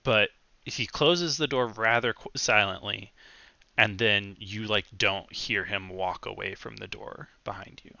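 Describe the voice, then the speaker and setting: A man narrating as game master of a tabletop game, slow and halting with many fillers. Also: on the low side, steady tone, vocal fry, bright, forceful tone, dry recording, highs cut off.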